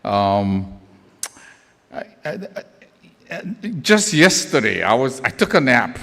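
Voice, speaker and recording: An older man telling a lively, chuckling memorial story in a church, acting out the voices as he goes. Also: medium pitch, takes it slowly, vocal fry. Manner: animated, chuckling storyteller who acts out voices. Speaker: eulogy speaker, former fellow band teacher. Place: church sanctuary. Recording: echoey church hall.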